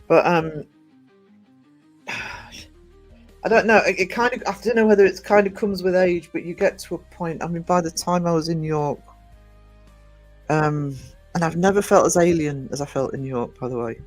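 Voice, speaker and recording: A man's voice: a little high, rough recording. Chatty man from northern England. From England, born in Nottingham, raised in Northumberland. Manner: chatty, rambling, laughs often. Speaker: livestream host. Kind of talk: casual chat reading a live chat.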